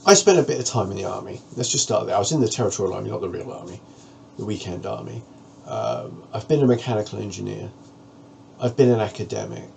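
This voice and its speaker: Gravelly low-voiced man, frank. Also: fast, a little mellow, a little hiss or hum. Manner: frank, plain-spoken, earnest. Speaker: vlogger. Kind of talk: candid personal monologue to camera.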